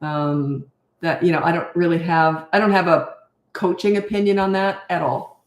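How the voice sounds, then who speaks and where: A woman's voice: lowish voice, fairly even intonation, normal speed. Blunt older woman parenting coach, echoey. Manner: blunt, emphatic, repeats key points. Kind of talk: casual Q&A, reading and answering viewer questions.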